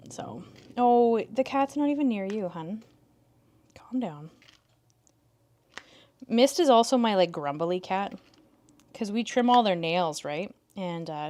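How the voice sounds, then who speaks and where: A Canadian woman with a mid-range voice hosts a casual crafting livestream, chatting with viewers and softly coaxing her cats.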